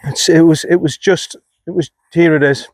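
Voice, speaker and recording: Slightly high and darkish in tone, this golf vlogger's voice stays steady at a moderate pace as he comments casually on his outdoor round. He criticizes himself and mutters after poor shots, captured in a dry recording.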